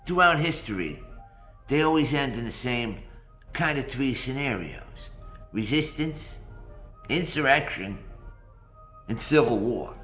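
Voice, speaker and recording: A man's voice: medium pitch, animated, a little slow, long pauses, fairly bright tone, reverberant, soft background music. A man hosting a morning rant vlog, rambling and sarcastic, often repeating his phrases. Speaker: vlog host.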